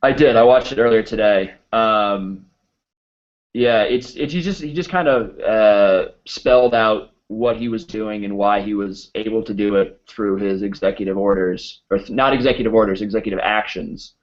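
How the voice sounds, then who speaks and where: Halting low-voiced man hosting. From United States. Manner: halting, many fillers and restarts. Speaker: podcast host. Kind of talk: casual chat. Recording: dull lo-fi recording.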